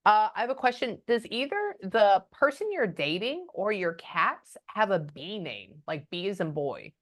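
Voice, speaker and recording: A woman's voice: medium pitch, big pitch swings. Chatty woman giving a hesitant spoken reading. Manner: hesitant, often pausing with "hold on" and "um". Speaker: psychic medium. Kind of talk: casual spoken reading for a sitter.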